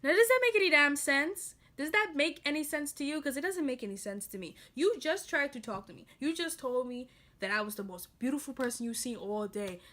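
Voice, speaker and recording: A woman's voice: sits high, lively intonation, brisk, bright, forceful tone. A young woman talking to camera in a casual vlog, blunt and exasperated, joking and laughing between points. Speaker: vlogger.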